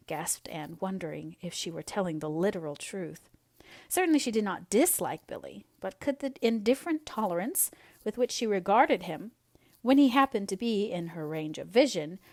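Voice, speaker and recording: A woman narrating an audiobook in a measured, expressive reading voice. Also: mid-range voice, no echo.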